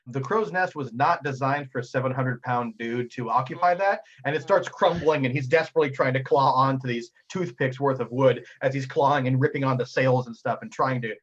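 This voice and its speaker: Husky playful male game master. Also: mid-range voice, a bit bright, dull audio. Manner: playful, jokey, acts out figures. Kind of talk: narrating a tabletop game.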